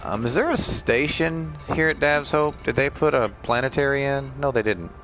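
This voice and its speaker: A man's voice: mid-range voice, normal speed, fairly bright tone, faint music behind. A man streaming a space game, chatting casually and joking with friends as he plays. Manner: joking, rambling. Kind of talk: casual gameplay chat.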